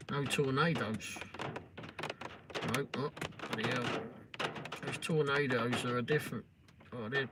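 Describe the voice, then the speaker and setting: A middle-aged English man hosting a live stream, chatting casually and sarcastically with viewers and teasing trolls. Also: medium pitch. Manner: sarcastic, swears and teases trolls. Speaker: livestream host. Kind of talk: casual chat replying to live comments. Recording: noisy live stream audio.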